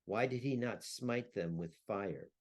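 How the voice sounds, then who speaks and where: Man voicing an old grieving saddle maker, bitter, lamenting, cursing, lowish voice. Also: measured pace. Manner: lamenting, rising to furious curses.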